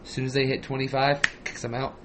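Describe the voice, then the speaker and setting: A man's voice: mid-range voice, little pitch movement, quick pace, noisy background. A man co-hosting a casual podcast, joking around and swearing casually with friends. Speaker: podcast co-host.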